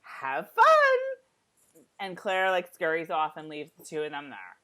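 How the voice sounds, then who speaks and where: A woman's voice: sits low, fairly quick, fairly bright tone. A woman co-hosting a casual chat who giggles often, uses lots of fillers and acts out scenes in playful voices. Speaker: podcast co-host.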